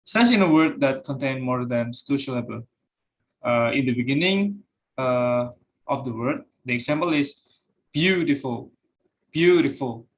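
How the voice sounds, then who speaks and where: A man's voice: medium pitch, expressive, moderate pace. A young man giving a class presentation, reading out points with frequent fillers and repeating each example word. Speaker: student presenter.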